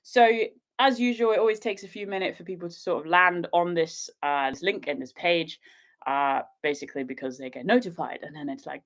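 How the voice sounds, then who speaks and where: A woman's voice: fairly low pitch, brisk. A young woman from England chatting bubbly and giggly to her livestream viewers from a sofa at her father's house, a little sniffly from a cat allergy. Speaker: outdoor vlogger hosting a livestream. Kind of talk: casual livestream chat to viewers.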